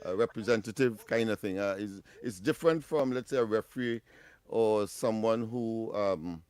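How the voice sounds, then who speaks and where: A man's voice: lowish voice, moderate pace, a little mellow, clear, resonant tone, no echo. A man with a Trinidadian accent co-hosting a casual radio talk show, playful and laughing often, repeating himself as he talks.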